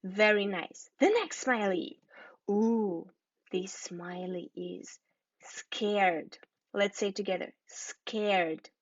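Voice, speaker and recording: Slow, careful woman teaching English. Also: medium pitch, no room sound, muffled recording. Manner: slow, careful teacher speech, spelling and repeating words. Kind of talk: scripted lesson for learners.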